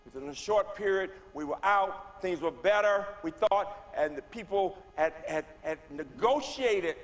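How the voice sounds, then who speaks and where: A man's voice: high voice, lively intonation, measured pace. Older man telling his story in a church. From Birmingham, Alabama. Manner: dramatic storyteller, swings from hushed to rising loud. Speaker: guest speaker. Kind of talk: personal testimony speech. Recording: long reverb of a church hall.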